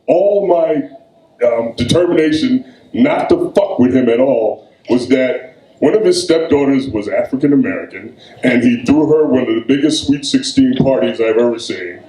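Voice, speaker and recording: A man, a poet reading his work at a live event, with slow, weighty delivery and loose conversational storytelling between poems. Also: medium pitch, expressive, mellow. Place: event room. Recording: echoey room.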